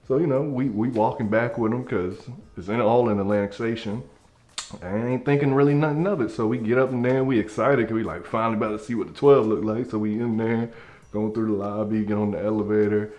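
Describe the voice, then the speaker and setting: A man's voice: on the low side, quick pace. A man hosting his channel, telling a story in a casual, slangy way and acting out the people in it. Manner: animated, slangy, acts out dialogue.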